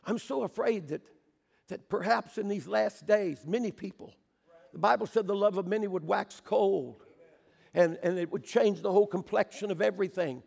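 An older man preaching a sermon in a church, fervent, swinging between shouted pleas and hushed storytelling. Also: high voice, normal speed, vocal fry, big-room sound.

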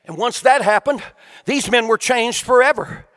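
A male preacher with a high, ringing voice delivers his sermon in a rolling, sing-song cadence. He climbs to shouted peaks, then sinks to near-whispered lines. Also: normal speed, long reverb tail, slight background noise. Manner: swings from shouted peaks to hushed quiet delivery.

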